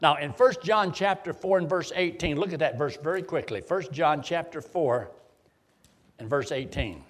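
A man's voice: a little high, moderate pace. A middle-aged man preaching a sermon in a folksy, joking way. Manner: folksy, joking, animated delivery.

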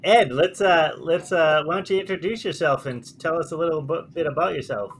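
A man's voice: a little high, a little fast, slight background noise, low-quality recording. A man hosting a casual podcast chat, joking and laughing often. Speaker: podcast host.

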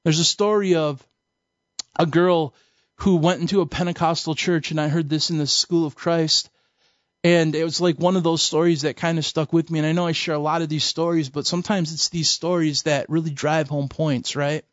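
A man preaching a sermon-style teaching lesson, his voice a little high, emphatic and casual as he tells stories. The sound is close and dry with no room echo. It comes through on a dull, muffled recording. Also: steady tone, moderate pace. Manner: emphatic, colloquial preaching with storytelling. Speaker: Bible teacher.

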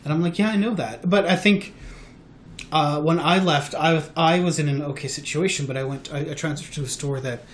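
A man hosting a podcast, talking candidly in a casual chat, halting and restarting often. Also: a little high, a little hiss or hum. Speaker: podcast host.

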